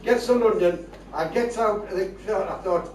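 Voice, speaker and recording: A stand-up comedian performs before a live crowd: an older Geordie man, high-pitched and moderately paced, meandering through comic tall tales in a broad northern accent. The audio is echoey and far off, with audience laughter around him.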